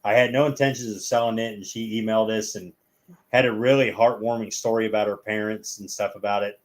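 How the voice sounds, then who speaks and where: A man's voice: lowish voice, steady tone, brisk. A man telling long stories as a guest in a casual chat, rambling and acting out the people in them.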